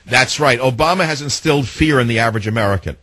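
A man's voice: mid-range voice, fast talker, a bit bright, breathy edge, no room sound. A man hosting a talk radio show, taking callers and lecturing with sarcasm.

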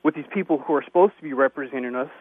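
A man calls in to a radio show, his voice sitting at an ordinary mid pitch. He talks haltingly, stopping and restarting with many fillers, and comes through a narrow, tinny phone line. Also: breathy edge, no echo. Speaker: radio caller. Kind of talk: call-in comment.

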